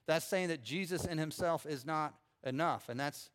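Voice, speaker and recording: A middle-aged pastor preaching a sermon in a conversational way, with frequent fillers and restarts. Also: male voice, fairly high pitch, moderate pace, a bit bright.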